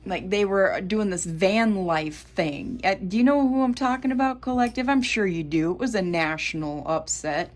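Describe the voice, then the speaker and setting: A woman with a Southern US accent giving a solo tarot reading, talking bluntly, swearing freely and addressing her viewers as Collective. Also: medium pitch. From United States. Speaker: tarot reader.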